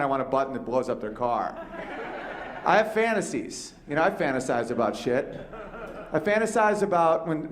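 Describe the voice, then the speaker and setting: A man hosting a comedy chat show, telling a story with lots of swearing and acted-out voices. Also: a little high. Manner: animated storytelling, acts out quoted voices, swears freely. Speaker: podcast host and comedian.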